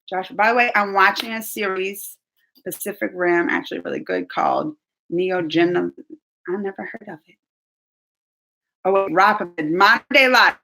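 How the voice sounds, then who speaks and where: Speaking at medium pitch in a pushed, bright tone, she runs a YouTube reaction channel and talks casually with her audience during a live stream, gushing and laughing often.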